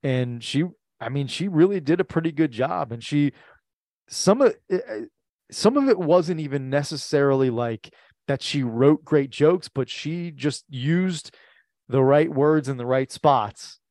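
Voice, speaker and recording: A man's voice: a little high, lively intonation, unhurried, darkish tone, no echo. Rambling podcast guy, dry sound. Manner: rambling, restarts, laughs often. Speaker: podcast co-host. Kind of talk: casual chat reviewing comedy.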